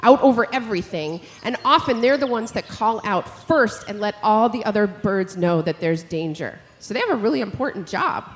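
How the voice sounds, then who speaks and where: A middle-aged woman leading a live audience through bird calls, explaining and imitating them with animated energy. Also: medium pitch, normal speed, few pauses. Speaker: bird call teacher. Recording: hall reverb, faint noise.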